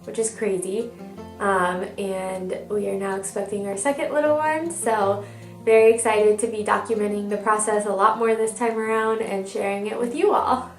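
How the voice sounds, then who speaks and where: A woman's voice: medium pitch, fairly even intonation, normal speed, faint music behind. A young woman giving a chatty, upbeat pregnancy update, stuffed up from a cold and a little out of breath. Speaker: vlogger. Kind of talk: casual pregnancy update vlog. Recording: echoey room, mic at a distance.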